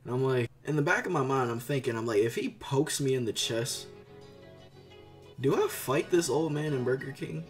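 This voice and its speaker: A man's voice: mid-range voice, moderate pace. A young man telling a casual storytime tale, rambling with lots of fillers. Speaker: vlogger. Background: background music.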